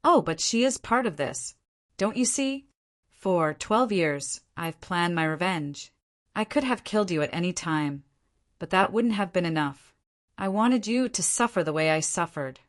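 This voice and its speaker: A woman's voice: fairly low pitch, expressive, unhurried. A woman reading the lines of a cold, menacing older male terrorist leader with a slight accent. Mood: gloating. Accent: slight foreign accent.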